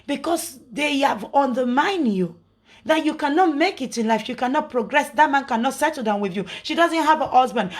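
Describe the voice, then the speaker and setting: A middle-aged woman with a Nigerian accent, talking casually to her followers, indignant and preachy, full of rhetorical questions. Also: fairly high pitch. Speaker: social media personality.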